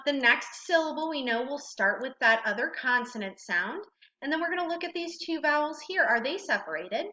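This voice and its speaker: A woman's voice: a little high, sharp tone. A woman teaching a recorded phonics lesson, patiently asking questions and praising the learner. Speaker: reading teacher. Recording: roomy, slightly dull recording.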